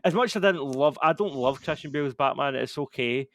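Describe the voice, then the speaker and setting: A man's voice: mid-range voice, a little fast, a bit bright, no room sound, studio quality. A young man, co-hosting a podcast in casual, opinionated chat full of "like" fillers. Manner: opinionated, rambling with frequent "like" fillers. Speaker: podcast co-host.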